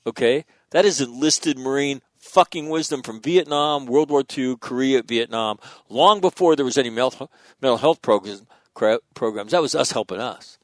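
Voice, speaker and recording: Profane, animated man telling stories. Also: medium pitch, normal speed, no room sound. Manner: profane, animated storytelling with frequent restarts. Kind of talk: casual podcast conversation.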